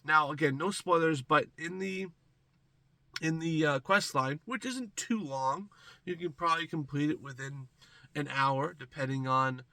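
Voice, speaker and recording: A man's voice: fairly high pitch, a little slow, sharp tone, dry recording. A man with a congested, stuffy voice, chatting casually as a gaming commentator and rambling to his viewers from a small closet. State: congested from a cold.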